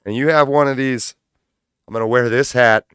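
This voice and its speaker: A man hosting a livestream in loose, profane, casual chat, breaking into loud laughs. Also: medium pitch, fairly even intonation, normal speed, smooth, no echo, studio quality. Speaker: livestream host.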